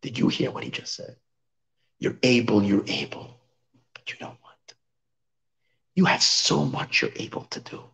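A wise old master , voiced by a preacher, speaks in a hushed, earnest tone. He gently chides his students, pressing each point with quiet insistence. It is told within a spoken sermon. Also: lowish voice, very animated, moderate pace, creaky, heavily acted. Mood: rebuking.

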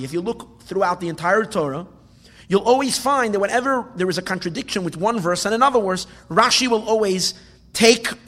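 A man's voice: sits high, a bit bright, long reverb tail. A man teaching a Torah class, posing questions and translating phrases as he goes.

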